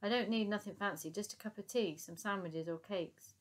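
A woman's voice: mid-range voice, a little fast, close to an everyday voice. A woman voicing a fussy, grumbling older lady in a storybook reading, homely in her complaints.

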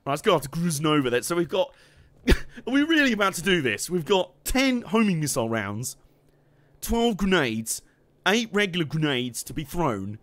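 A young man giving casual, excitable gameplay commentary, laughing, swearing and humming along as he plays. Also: a little high, moderate pace, no echo. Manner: excitable, laughing, swearing, hums tunes while playing. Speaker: game streamer.

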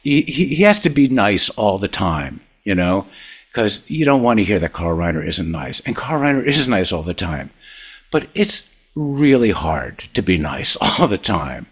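An older man spins long, animated show-business anecdotes as a podcast guest, laughing along as he goes. His voice sits low and husky. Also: moderate pace. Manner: animated, rambling storyteller, laughs often. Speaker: guest, comedy writer and producer. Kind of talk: casual anecdotal storytelling.

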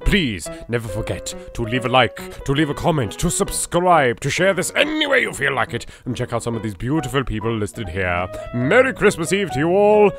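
A man's voice: mid-range voice, sing-song, normal speed, creaky, few pauses, music in the background. An English man hosting a let's play, commentating on gameplay in an exasperated, joking way with plenty of swearing.

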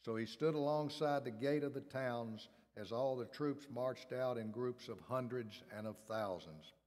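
A man reads scripture aloud in a church sanctuary at a measured, steady pace. His voice sits at a middle pitch. Long reverb from the large room trails after each phrase. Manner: measured, steady reading cadence. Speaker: scripture reader. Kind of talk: reading scripture aloud in worship.

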